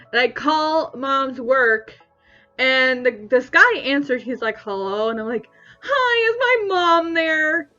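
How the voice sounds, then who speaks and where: A young woman vlogger telling a personal story in a casual way, lively and acting out the voices she quotes. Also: sits high. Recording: slightly dull audio with faint music.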